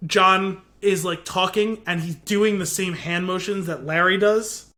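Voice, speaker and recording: A man's voice: sits high, a little slow. A man co-hosting a podcast, casually and animatedly retelling a TV episode with lots of filler words. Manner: animated retelling with quoted lines, many "like" fillers. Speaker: podcast co-host. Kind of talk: casual chat, recapping a TV episode.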